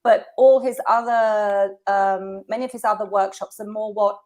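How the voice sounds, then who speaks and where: A woman in her fifties, a guest telling stories in a casual conversation, animated and laughing often. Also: medium pitch, moderate pace.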